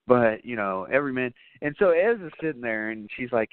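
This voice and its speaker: A man hosting a casual podcast, rambling loosely through a movie recap with plenty of fillers and swearing. His voice sits at an ordinary middle pitch. The sound is squeezed and tinny, like a phone line. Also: animated, a little fast, hardly any pauses, smooth, no echo. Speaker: podcast host.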